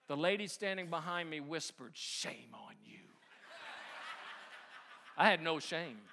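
A middle-aged man preaching a sermon, telling a family story with animated energy and laughter, then dropping soft and low to drive home the point. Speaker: pastor.

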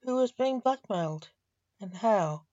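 A calm male grim reaper king in a storybook, as a woman reads him, slow and unhurried. The audio is dry and dull, like a lo-fi home recording. Her voice sits at a middle pitch. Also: no room sound.

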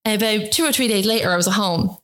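A chatty Irish woman in her forties tells her story in an interview. She acts out what people said to her, with lively jumps in her voice. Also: mid-range voice, fast. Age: 40s. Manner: chatty, animated storytelling with acted-out quotes. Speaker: guest. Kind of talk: casual interview chat.

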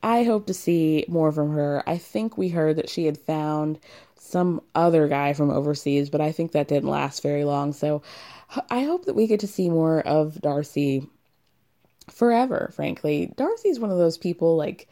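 A young woman talks casually into her podcast mic, sassy and quick to laugh. Her voice sits low and sounds warm and mellow. She recaps reality TV like she is gossiping with friends. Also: expressive. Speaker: podcast host.

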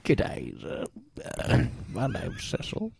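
A man voicing a soft-spoken male radio caller who hesitates and mumbles. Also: mid-range voice, huge pitch swings, slow, gravelly, breathy edge, exaggerated voice. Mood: hesitant.

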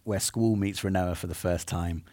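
A man's voice: low voice, steady tone, moderate pace, warm tone, no echo. A man co-hosting a live podcast, chatting enthusiastically about old games. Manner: enthusiastic, rambling. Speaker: podcast co-host. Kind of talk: live podcast chat on stage. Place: stage before a live audience.

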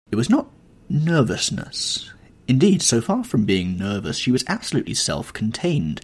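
A male narrator reads a classic novel with dramatic, expressive storytelling. His voice is husky and slightly rough, and his pitch moves in lively swings through the sentences. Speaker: audiobook narrator.

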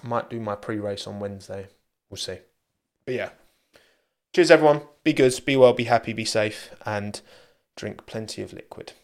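A man's voice: lowish voice, normal speed, pauses often. A man hosting a casual live stream, chatting loosely as he wraps up. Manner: chatty, rambling, soft cooing to his dog. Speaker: livestream host. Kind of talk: casual live chat sign-off.

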